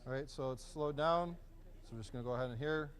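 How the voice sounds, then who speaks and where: A man's voice: mid-range voice, quick pace. A man teaching a hands-on first aid class in a casual, encouraging, conversational way in a training room.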